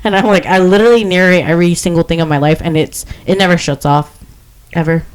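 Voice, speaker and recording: A woman's voice: lowish voice, fairly even intonation, fast, clear, resonant tone. A young adult woman co-hosting a casual podcast chat, talking loosely with lots of filler words and frequent laughs. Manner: chatty, heavy use of filler words, laughs often. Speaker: podcast co-host.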